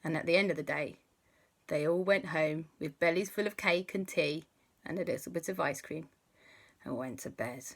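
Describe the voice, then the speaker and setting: Low-voiced woman telling a kids' story. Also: normal speed, gravelly. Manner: playful, with sound effects and gasps. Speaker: children's storyteller. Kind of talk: improvised bedtime story for kids.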